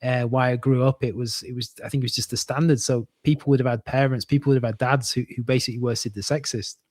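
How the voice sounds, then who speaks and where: A man from northern England co-hosting a casual chat over a video call, halting often and laughing a lot. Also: medium pitch, steady tone, a little mellow, dry recording, studio quality. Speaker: podcast co-host.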